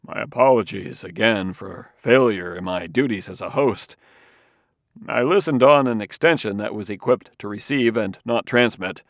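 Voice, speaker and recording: A man's voice: fairly low pitch, moderate pace, no room sound, natural voice. A polite older scientist, as a male audiobook narrator puts him on, formal and apologetic. The timbre is set apart from the narrator's usual voice. The recording is dry and close.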